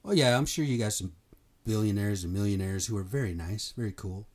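A man's voice: fairly low pitch, brisk, a little mellow. A man from the United States giving a blunt, fired-up opinion monologue, swearing and repeating himself for emphasis. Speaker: commentator.

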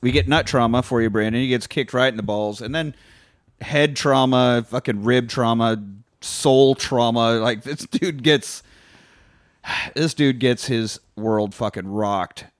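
A man casually retelling a movie plot on a podcast, swearing often and animated. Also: mid-range voice, a little slow, no room sound, studio quality. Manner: profane, animated retelling with acted quotes. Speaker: podcast co-host. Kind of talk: casual movie recap chat.

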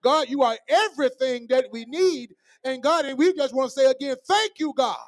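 A man's voice: extremely high pitch, moderate pace. A middle-aged man, a pastor leading a church service, calling out to the congregation and praying with rising fervor. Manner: call-and-response preaching, rising fervor. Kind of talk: sermon and prayer. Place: church sanctuary.

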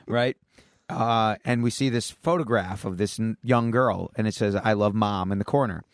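A man's voice: fairly low pitch, normal speed, no room sound, clean studio sound. A man co-hosting a podcast, retelling a comic plot casually with lots of restarts. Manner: rambling storyteller, many fillers and restarts. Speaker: podcast co-host. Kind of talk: casual chat.

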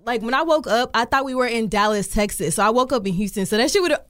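A woman's voice: on the high side, quick pace, a bit bright, dry recording, clean studio sound. A young woman in a casual group chat, easygoing but blunt. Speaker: podcast co-host.

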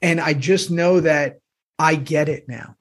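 A man's voice: a little high, unhurried. A man chatting casually with old castmates, rambling and effusive, full of restarts and fillers. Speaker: actor reminiscing with former castmates. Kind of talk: casual chat.

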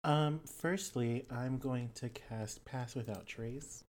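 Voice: medium pitch, takes it slowly, darkish tone. A player in a mid-range voice describes their character's moves in a tabletop game. The delivery is hesitant and full of fillers.

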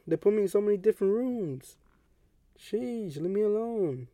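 A young adult man hosting a podcast, telling a personal story in a casual, animated way and acting out what others said. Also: on the high side, fairly quick, dry recording, studio quality. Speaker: podcast host.

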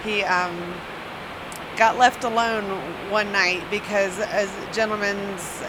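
A woman tells a rambling work story, correcting herself as she goes and laughing at it. Her voice is mid-pitched, with clear traffic and street noise behind her. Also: fairly even intonation, slow. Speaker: flight attendant guest. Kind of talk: casual anecdote.

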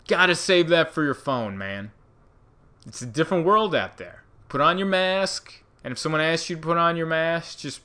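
A man doing a stand-up comedy bit, animated storytelling that acts out the people in it. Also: on the high side, moderate pace. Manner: animated storytelling, acting out characters.

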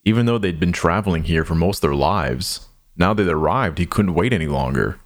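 An audio drama is told by a man whose voice sits low and deep. He's expressive while staying somber and deliberate, never rushing a line.

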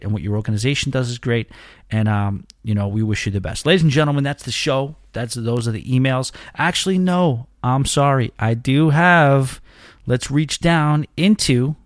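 A man's voice: medium pitch, no room sound, clean studio sound. Rambling casual male podcast host. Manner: loose, self-deprecating, rambling with restarts. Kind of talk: casual solo podcast chat.

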